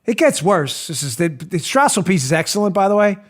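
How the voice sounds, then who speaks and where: A man hosting a political talk show, delivering animated, sarcastic commentary and acting out mocking little scenes. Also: sits high, fairly quick.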